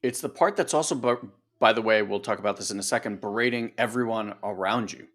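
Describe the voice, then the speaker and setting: A man talking casually as a coach on a podcast, animated and conversational. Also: on the low side, a little fast. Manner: animated, acts out voices, conversational. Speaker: coach and co-host.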